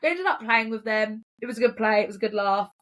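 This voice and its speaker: An English woman telling a story in casual podcast chat, swearing freely and quick to act out what people said. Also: on the high side. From England. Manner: chatty, swearing, animated impressions in quotes. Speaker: podcast co-host.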